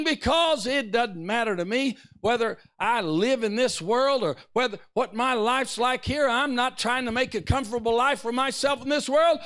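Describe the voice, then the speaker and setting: An older man and pastor preaching a fervent sermon to a live church congregation, swinging between loud shouted bursts and quiet asides. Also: very high-pitched, moderate pace, hardly any pauses.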